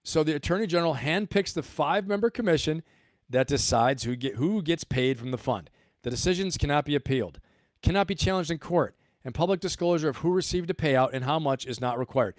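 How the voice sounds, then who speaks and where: A man's voice: a little high, expressive, brisk, no echo, clean studio sound. A man hosting a livestream, giving emphatic commentary and repeating his points for stress. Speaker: host.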